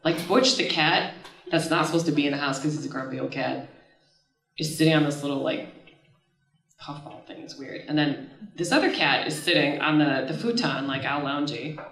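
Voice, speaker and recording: A woman in her thirties telling a personal story on stage at a live event, casual and animated, often laughing and swearing as she goes. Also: low-pitched, normal speed. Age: 30s. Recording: echoey room, voice from far off the mic.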